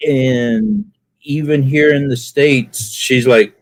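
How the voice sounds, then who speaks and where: A man from Alabama on a live panel, telling stories in an animated way, acting out his reactions and laughing at himself. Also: mid-range voice, takes it slowly, no echo. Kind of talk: casual chat.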